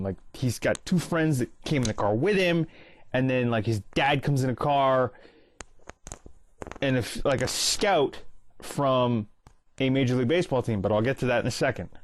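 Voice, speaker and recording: A man's voice: a little high, no echo. A man in his early thirties, host of a movie commentary channel, chattily retelling a film's ending and quoting its lines in a casual monologue. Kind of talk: casual film recap monologue.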